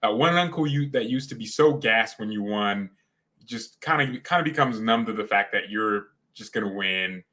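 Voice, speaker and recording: Opinionated male football fan, bright voice. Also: fairly low pitch, animated, moderate pace. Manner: opinionated, rambling, slangy. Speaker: fan channel host. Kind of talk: casual live match watchalong commentary.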